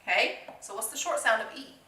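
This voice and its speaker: A woman's voice: fairly high pitch, expressive, a little fast, pushed and bright, roomy sound, far from the mic. A woman teaching a phonics lesson to young children, encouraging them, asking questions and answering them herself.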